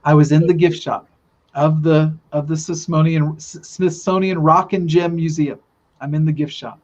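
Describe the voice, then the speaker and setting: A man's voice: a little high, steady tone, normal speed, darkish tone. A man earnestly telling a long spiritual story in casual podcast talk, rambling with many restarts. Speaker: guest telling a spiritual vision. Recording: dull lo-fi sound.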